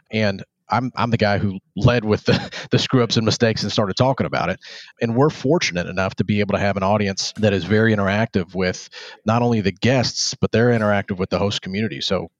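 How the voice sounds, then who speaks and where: A man's voice: fairly low pitch, no room sound. A man with a Texan accent hosting a podcast, chatting casually and poking fun at himself, rambling with restarts. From Texas. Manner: self-deprecating, rambling with restarts. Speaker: podcast host. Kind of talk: casual interview chat.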